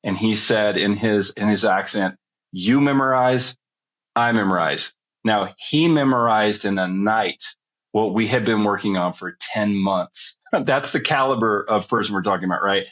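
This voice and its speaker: Middle-aged male guest, low-pitched, rambling storyteller, muffled audio. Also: moderate pace, a bit bright. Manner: rambling, chatty storyteller who backtracks. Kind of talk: storytelling in a podcast interview.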